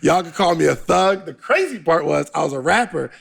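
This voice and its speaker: Young man, gravelly voice, a bit high, animated storyteller, laughs a lot, casual interview guest. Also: a little fast. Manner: animated storyteller, laughs often, acts out quotes. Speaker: podcaster guest.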